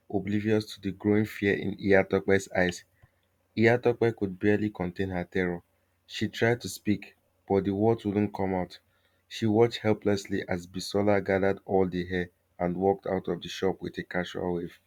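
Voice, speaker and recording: A male storyteller reading a folktale aloud with steady, measured pacing. His voice sits very low and deep, and he carries the tale like a calm fireside narrator.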